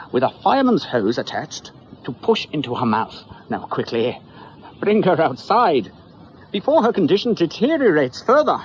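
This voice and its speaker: Breezy oddball doctor read by a man, animated, slightly dull radio sound. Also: medium pitch, slight background noise, pitched above the performer's own voice, close to an everyday voice. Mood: urgent. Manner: breezy and matter-of-fact. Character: eccentric cheerful male doctor, unflappable.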